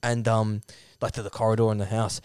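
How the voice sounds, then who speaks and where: A man's voice: fairly low pitch, level tone, a little fast, a little mellow, smooth, dry recording. A man telling a comic story in casual podcast chat, rambling with lots of fillers. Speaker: podcast co-host.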